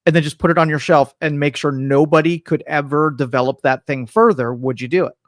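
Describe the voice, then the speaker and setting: A man's voice: a little high, fairly quick, no room sound. A man co-hosting a live talk show in a studio, explaining things patiently with dry humor. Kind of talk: casual banter. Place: radio studio.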